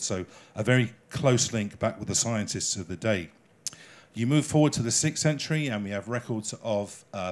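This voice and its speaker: An English man giving a chatty lecture on whisky to an audience, with slides, often checking in with the room and making small jokes. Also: lowish voice. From England. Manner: chatty, jokey, asks the audience questions. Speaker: cruise ship enrichment lecturer.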